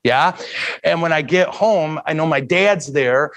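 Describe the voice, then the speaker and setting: A priest giving a heartfelt talk to an audience, earnest and emotional, with self-mocking humor. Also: male voice, on the high side, unhurried, fairly bright tone. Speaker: priest and guest speaker. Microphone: handheld mic.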